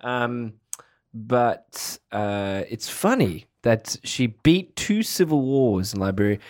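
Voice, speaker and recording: Animated joking man in casual chat. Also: medium pitch, takes it slowly. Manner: jokey, animated. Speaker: podcast co-host.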